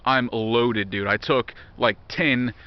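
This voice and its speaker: A man's voice: medium pitch, fairly even intonation, slow pace. A man in his thirties gives a candid vlog monologue. He talks bluntly and swears constantly, circling back and restarting his sentences. The recording sounds muffled and lo-fi. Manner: blunt, heavily profane, rambling with restarts. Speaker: vlogger. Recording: dull lo-fi recording.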